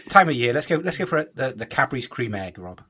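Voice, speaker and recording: A young man hosts a relaxed podcast chat in a husky, slightly breathy voice. He keeps things moving with dry teasing of his co-hosts. His pitch sits at an ordinary middle level for a man. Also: quick pace. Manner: teasing, jokey, leads the chat. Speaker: podcast host. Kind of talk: casual chat.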